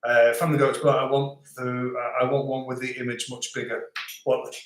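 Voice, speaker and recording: A middle-aged man, hosting a livestream and reading out viewer comments in a relaxed, chatty way with frequent laughs. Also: mid-range voice, normal speed. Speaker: livestream host. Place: home in rural France. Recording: echoey room.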